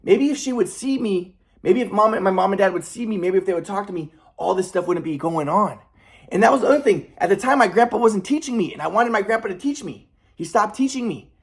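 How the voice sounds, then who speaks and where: A man's voice: sits high, lively intonation, fast talker. A young adult man in an agitated, rambling casual monologue with frequent swearing. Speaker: vlogger.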